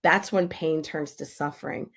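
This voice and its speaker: A woman talking on a podcast as a grief expert, her voice carrying a gravelly, fried edge. She speaks with emphatic energy and slips into little acted-out voices to make her points. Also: low-pitched, normal speed. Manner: animated, emphatic, acts out quoted voices. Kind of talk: podcast interview.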